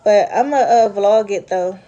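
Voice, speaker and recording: A woman's voice: medium pitch, a little slow, dark tone, highs cut off. A woman chatting casually with her viewers, rambling from story to story and answering their comments. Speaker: vlogger. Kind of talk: casual live chat with viewers.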